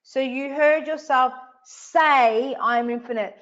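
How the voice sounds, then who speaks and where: Emphatic high-voiced woman coaching online. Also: takes it slowly, a bit bright, muffled recording. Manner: emphatic, repetitive, swears casually. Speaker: online event host. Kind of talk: live online coaching session.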